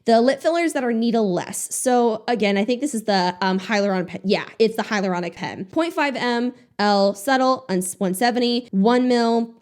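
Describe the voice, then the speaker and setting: A woman's voice: on the high side, moderate pace, few pauses, a little mellow. A young woman giving casual reaction commentary on a beauty video channel, sarcastic and exasperated, swearing freely.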